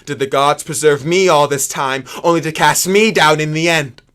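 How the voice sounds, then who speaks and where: An actor playing a young prince torn by forbidden love, speaking earnestly and often subdued in a stage drama. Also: male voice, fairly high pitch, steady tone, moderate pace, a bit bright, clear, resonant tone, close to an everyday voice.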